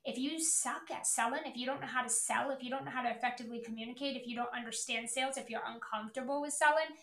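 Talking fast in a fairly even, high, rather bright voice, a middle-aged woman hosts a podcast as a sales coach. Her motivational rant about selling is blunt, profane, brash, and emphatic, and the sound is reverberant.

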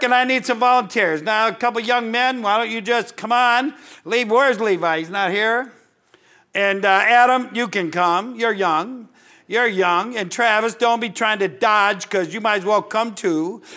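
A man's voice: sits high, a little slow, sharp tone. A man preaching a sermon, folksy and joking, often restarting his sentences. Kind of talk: sermon with live illustration.

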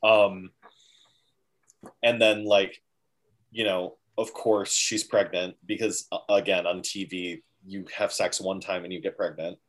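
A man co-hosting a casual podcast chat, recapping a film in an animated, jokey way and acting out characters' lines. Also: deep voice, a little slow. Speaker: podcast co-host.

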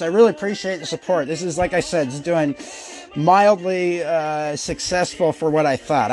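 A man with a notably high voice tells a rambling story on his podcast. He swears freely and keeps it loose and animated. Faint music sits underneath. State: out of breath. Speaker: podcast host. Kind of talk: casual storytelling monologue.

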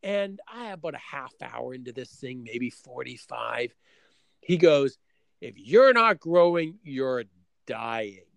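A man's voice: medium pitch, sing-song, slow, creaky, dry recording. A middle-aged man from Canada telling a story in casual chat, acting out both sides of his conversations.

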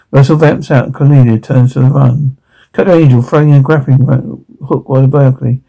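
Gravelly man retelling a TV episode. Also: mid-range voice, mellow, poor audio. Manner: loose, stumbling, with frequent restarts. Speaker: narrator.

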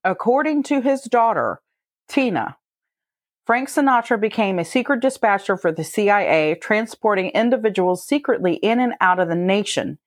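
A woman's voice: mid-range voice, expressive, normal speed, no echo, studio quality. A woman co-hosting a comedy chat, reading out facts in a matter-of-fact way. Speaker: co-host presenting facts.

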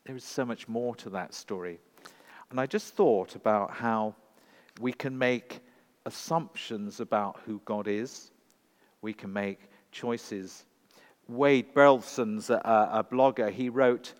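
A man's voice: mid-range voice, takes it slowly. Reflective male pastor in a reverberant church. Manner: hesitant, reflective, many restarts. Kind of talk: sermon. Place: church service. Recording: long reverb in a church hall.

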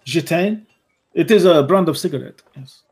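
A man playing a character in a tabletop game, speaking slowly and formally. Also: fairly high pitch, animated, a little mellow, husky. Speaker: player. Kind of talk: tabletop role-play.

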